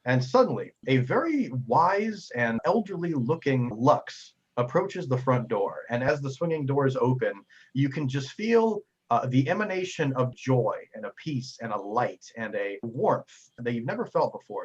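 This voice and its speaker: Lively man narrating as game master. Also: medium pitch, normal speed, hardly any pauses, breathy edge, lo-fi sound. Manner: lively storyteller, often stumbles and repeats words.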